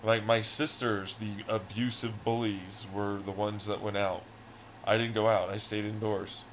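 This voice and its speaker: A man's voice: lowish voice, flat delivery, a little slow, fairly bright tone, slight background noise, rough recording. Rambling, profane young man streaming. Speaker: livestreamer. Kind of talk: casual stream chat.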